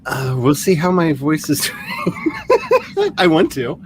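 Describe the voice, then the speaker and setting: A man in casual stream chat, animated and laughing often. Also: on the high side, unhurried, noisy background.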